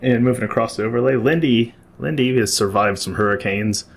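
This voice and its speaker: A man's voice: mid-range voice, a little fast, creaky, a little hiss or hum. A man hosting an online tabletop game as game master, upbeat and encouraging to his players.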